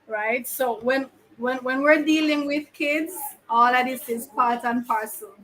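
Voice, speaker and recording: A woman's voice: high-pitched, a little slow, fairly bright tone, slight background noise, poor audio. A woman teacher, chatting playfully with her pupils in a classroom and teasing them with questions. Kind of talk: casual chat with pupils.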